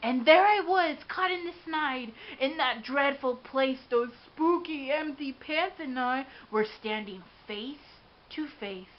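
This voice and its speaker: A woman giving an expressive, dramatic read-aloud of a children's storybook. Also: high voice, takes it slowly, few pauses. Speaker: storybook reader. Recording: dull lo-fi with faint hiss.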